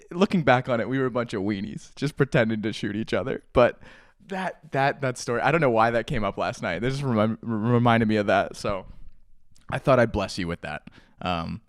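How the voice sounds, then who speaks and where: The recording has no echo and studio quality, picking up a young adult man's medium-pitched voice through a stand mic. A vlogger at home with a pet, he laughs frequently while rambling through a story from his childhood as a casual morning chat for his channel.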